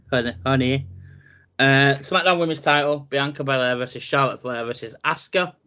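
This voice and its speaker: A man, co-hosting a casual wrestling chat, running through a match card with animated, jokey asides. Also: mid-range voice, moderate pace, smooth. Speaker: podcast co-host.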